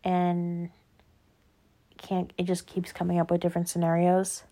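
A woman's voice: lowish voice, monotone, a little slow, mellow. A young adult woman hosting her own show, chatting casually and rambling through stories with lots of "like" and tangents. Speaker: podcast host. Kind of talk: casual solo chat.

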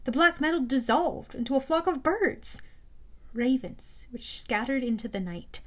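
Audiobook read by a woman with a high voice, steady and plain. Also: unhurried. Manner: steady storytelling with small self-corrections. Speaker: audiobook narrator. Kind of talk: audiobook narration.

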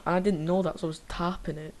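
A man's voice: high voice, flat delivery, quick pace. A young man with a Scottish accent, chatting casually and rambling about games in a laid-back, slangy way. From Scotland.

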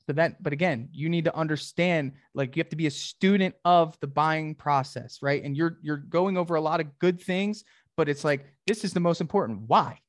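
A man with a fairly high voice runs a one-on-one sales coaching session. He talks directly and with emphasis, pressing his trainee with questions. The sound is dry and close. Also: normal speed, hardly any pauses, no room sound. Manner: direct, emphatic, acts out customer dialogues.

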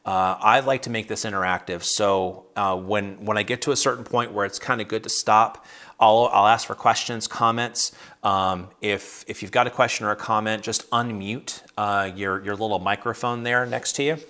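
Man, low-voiced Bible study leader on a video call, casual and chatty, lots of restarts. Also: fairly even intonation, moderate pace, bright, forceful tone. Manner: conversational, many restarts and fillers.

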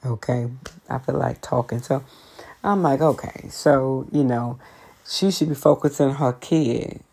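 A woman, telling a workplace story to her viewers in a chatty, sassy, sidetracked way, jumping high for emphasis. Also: creaky, dark tone, breathy edge. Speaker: vlogger.

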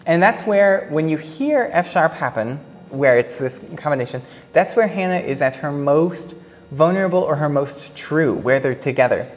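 A woman with a low voice talks to an audience in a casual, reflective way. She searches for her words and leans on fillers as she goes. Her voice rings with a long reverb from a large hall. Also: animated, moderate pace, a little mellow. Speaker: panelist at a pre-show talk about an opera.

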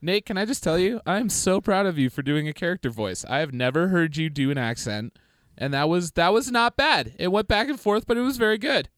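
Casting: smooth-voiced male comedy co-host, crude and rambling, dry close sound. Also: high-pitched, expressive, a little fast, a bit bright, no echo. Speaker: podcast co-host. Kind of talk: casual comedic chat.

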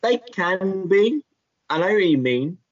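A man's voice: high-pitched, big pitch swings, measured pace, dull audio. A man co-hosting a podcast in casual chat, laughing often and self-deprecating. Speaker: podcast co-host.

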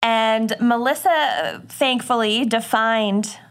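A woman co-hosting a podcast in casual chat, unhurried and giggly. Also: on the high side. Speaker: podcast co-host.

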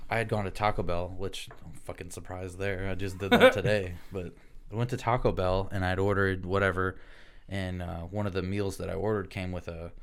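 Host, male, low-pitched, swearing storyteller, casual podcast chat. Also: fairly quick. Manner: profane, animated storyteller acting out quotes.

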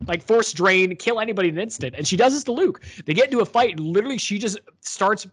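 A man's voice: high voice, lively intonation, fast, a bit bright, husky. A man co-hosting a podcast, retelling a book's plot in a rambling, filler-heavy chat. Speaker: podcast co-host. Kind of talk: casual book discussion.

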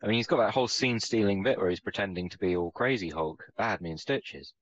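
A man's voice: lowish voice, fast talker, a bit bright. A man co-hosting a podcast in casual chat, teasing and jokey. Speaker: podcast co-host. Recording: dull lo-fi sound with music behind.

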